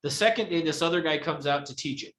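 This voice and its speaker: A man's voice: fairly high pitch, quick pace, a bit bright. A man teaching a live real estate training class who acts out examples as he explains them. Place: training room. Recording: echoey room.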